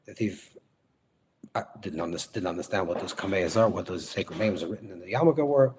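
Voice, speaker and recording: Rabbi retelling a story, deep-voiced man. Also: darkish tone, a little hiss or hum. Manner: restates phrases, glosses Hebrew and Yiddish terms in English; unhurried, repeats and corrects himself mid-sentence. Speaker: rabbi teaching. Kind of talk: storytelling lecture.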